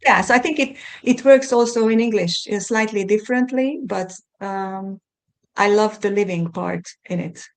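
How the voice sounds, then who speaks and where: A middle-aged woman from Hungary with a Hungarian accent, a podcast guest talking thoughtfully and often pausing to find her words. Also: medium pitch. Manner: thoughtful, searching for words with many restarts. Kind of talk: conversational interview.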